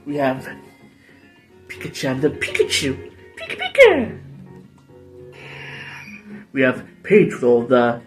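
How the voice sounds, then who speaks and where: A man's voice: mid-range voice, steady tone, a little slow, pauses often, faint music behind. A man hosting his own playthrough video, talking in a rambling, jokey, self-deprecating way. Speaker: gaming channel host. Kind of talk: casual game commentary.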